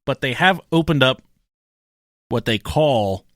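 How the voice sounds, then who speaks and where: A man co-hosts a podcast with crude, casual banter, swearing and joking as he tells lively stories. His voice is medium-pitched and slow, captured in a clean studio with no echo.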